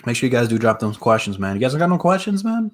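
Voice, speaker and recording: A man's voice: medium pitch, very animated, fast talker. A young man from the Detroit area hosting a casual sports live stream, talking straight to viewers in a hyped way with lots of fillers.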